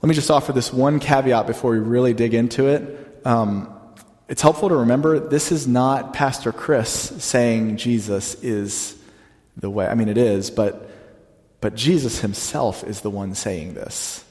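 A man preaching a sermon with a mid-range voice, chatty and direct, leaning hard and slow on the words he wants to stress. The long reverb of a large church hall trails after each phrase. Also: mid-range voice, darkish tone. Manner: conversational preaching, slows down to stress quotes. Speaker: pastor.

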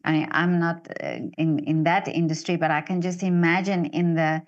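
A woman from South Africa interviewing a guest in casual talk, halting with many restarts. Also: lowish voice, flat delivery, dull audio.

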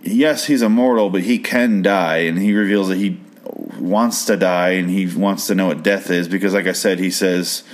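Man, low voice, casual rambling recap, swears a lot, incredulous. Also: steady tone, normal speed. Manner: profane, incredulous, rant-prone. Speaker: episode recap host.

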